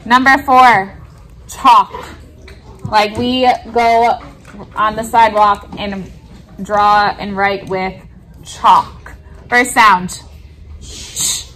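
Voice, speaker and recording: A young woman teacher, talking quietly to camera in a vlog and calling out spelling words to her class in a classroom. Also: mid-range voice, fairly even intonation, extremely slow, pauses often, slight background noise. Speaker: elementary school teacher.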